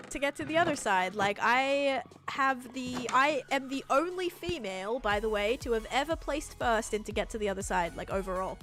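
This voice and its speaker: A woman from Australia with an American accent that has Australian traces, chatting casually on a livestream while building in a game, rambling with lots of fillers. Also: mid-range voice.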